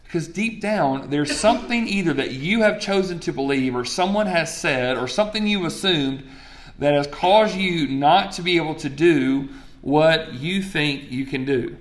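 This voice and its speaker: A man, preaching in a relaxed, chatty way. His voice sits a little high for a man, and he often turns to the crowd with questions. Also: normal speed. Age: 40s. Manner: conversational, asks the crowd questions. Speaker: pastor. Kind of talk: sermon.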